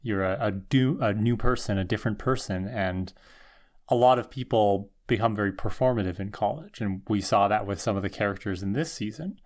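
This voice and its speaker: A man co-hosting a podcast, discussing a TV episode in casual, relaxed conversation and adding wry asides. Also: fairly low pitch, fairly quick. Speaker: podcast co-host.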